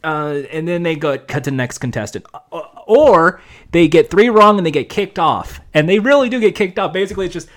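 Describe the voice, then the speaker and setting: Guy with a kinda high voice, casual podcast chat, jokey and rambly. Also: expressive, a little fast. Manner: rambling, jokey, many fillers. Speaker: podcast co-host.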